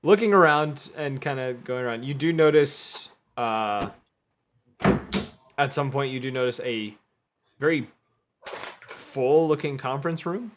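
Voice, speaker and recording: A man narrates a tabletop game as game master, with a voice at an ordinary middle pitch. His delivery is relaxed and meandering, full of "kinda" and "um", over a faint hiss of background noise. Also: measured pace, long pauses.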